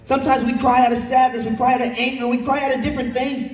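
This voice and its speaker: A man's voice: extremely high pitch, little pitch movement, fast talker. A young man preaching a sermon earnestly, with repeated phrases and questions to the congregation. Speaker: pastor. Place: church sanctuary. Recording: echoey church hall from far off.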